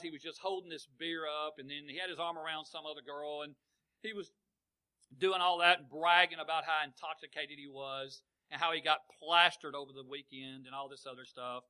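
A man preaching a sermon, building to loud, fervent exhortation and asking the congregation "Amen?". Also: fairly high pitch, rough recording.

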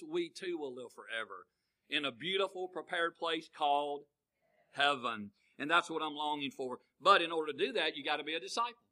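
Older preacher with a bright, high voice. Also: male voice, poor audio. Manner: folksy, call-and-response with the congregation, swings between booming and hushed. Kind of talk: sermon.

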